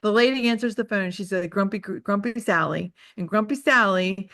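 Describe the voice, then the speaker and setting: A woman's voice: medium pitch, normal speed, a bit bright, dry recording, clean studio sound. A woman real estate trainer giving a casual group coaching talk, telling candid, self-deprecating stories with lots of "like" fillers. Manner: chatty storytelling, heavy use of "like".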